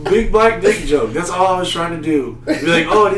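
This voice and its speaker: A man's voice: fairly high pitch, lively intonation, moderate pace, fairly bright tone, reverberant, far from the mic, low-quality recording. A man co-hosting a podcast, telling crude comedic stories in a rambling way, laughing often and slipping into voices. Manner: rambling, puts on voices for characters, laughs a lot. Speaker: podcast co-host. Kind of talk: crude comedic storytelling chat.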